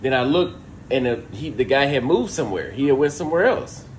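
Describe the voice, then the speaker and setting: A man's voice: mid-range voice, animated, a little fast, a little hiss or hum. A man on a livestream recounting a theft in an exasperated, profane rant, acting out what others said. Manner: exasperated, profane, acts out dialogue. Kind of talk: animated storytelling rant.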